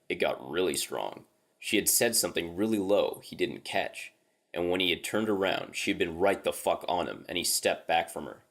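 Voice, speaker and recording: Male horror story reader, low register, casual and profane first-person delivery. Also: vocal fry.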